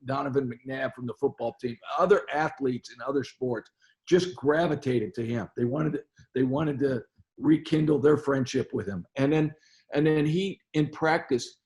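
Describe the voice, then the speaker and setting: A man's voice: medium pitch, a little mellow. An older man sits as a guest in an interview and tells long stories from his coaching life. He stumbles through them, doubling words and starting sentences over as he goes. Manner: stammering, repeats words and restarts often. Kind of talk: storytelling interview.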